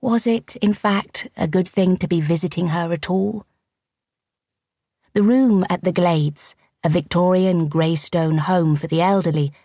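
Audiobook narration: a woman, low and gravelly, measured and arch, dry close sound. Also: dark tone, no echo. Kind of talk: scripted narration.

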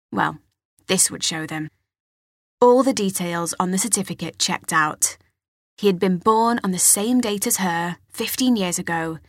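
Woman narrating an audiobook, soft husky voice, dry close mic, steady storytelling. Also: mid-range voice, dry recording. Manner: measured, expressive storytelling. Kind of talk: scripted narration.

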